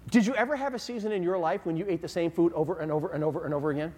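High-voiced male pastor preaching in a hall. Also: rapid-fire, slightly rough. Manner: animated storytelling, asks the audience questions. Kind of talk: sermon. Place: church sanctuary. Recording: long reverb of a large hall.

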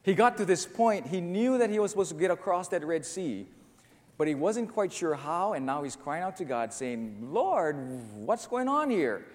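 A man's voice: high-pitched, lively intonation, moderate pace, darkish tone, long reverb tail. A male pastor preaching a sermon, earnest and storytelling, rising to emphatic peaks.

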